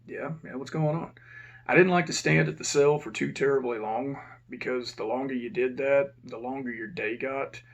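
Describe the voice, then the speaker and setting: A former prison officer telling a casual, profane story and acting out the dialogue. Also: male voice, medium pitch, moderate pace, vocal fry.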